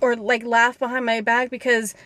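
A woman's voice: on the high side, flat delivery, moderate pace, sharp tone, dry recording. A young woman venting indignantly and profanely to her camera from inside a car, exasperated and swearing freely. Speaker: vlogger. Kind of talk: casual rant to camera. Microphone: handheld camera.

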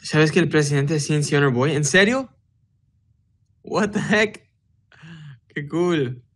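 A young man hosting a casual livestream from his phone, answering fan comments in a relaxed, chatty way with lots of fillers. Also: fairly high pitch, normal speed. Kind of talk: casual livestream chat, switching between Spanish and English.

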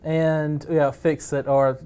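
Young male co-host, a touch high-pitched, goofy jokes, stumbles over words. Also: level tone, slow pace, mellow, smooth. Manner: jokey, stammering. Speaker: podcast co-host. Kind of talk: casual chat.

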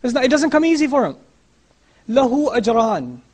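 A man with a notably high voice delivers an impassioned religious talk. He repeats phrases for emphasis and drops into Arabic scripture quotes. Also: very animated, very fast, darkish tone. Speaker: preacher. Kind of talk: lecture.

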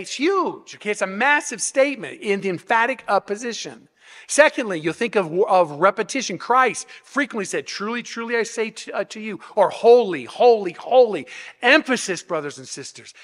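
In a church sanctuary with long hall reverb, a male pastor delivers an expository sermon, working through it step by step with rhetorical questions. His high-pitched voice sounds pushed and bright, and he keeps restarting and repeating words.

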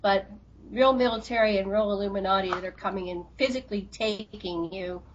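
A woman co-hosting a radio interview, telling stories in a lively, chatty way with frequent restarts. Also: mid-range voice, a little fast, slight background noise. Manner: animated storytelling with laughs and restarts. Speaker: radio co-host. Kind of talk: casual interview chat. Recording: dull lo-fi radio audio.

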